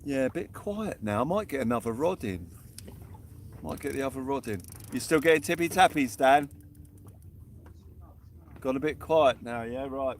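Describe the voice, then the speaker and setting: A man's voice: mid-range voice, a little hiss or hum. A young man giving cheery running commentary while fishing from a small boat outdoors. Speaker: fishing vlogger. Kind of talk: live-stream commentary.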